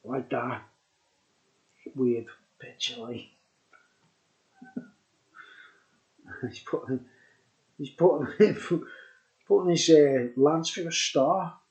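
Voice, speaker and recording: A man's voice: mid-range voice, very slow, long pauses, darkish tone. A man casually reviewing a beer on his vlog, chatty and enthusiastic, rambling with laughs. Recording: dull lo-fi recording.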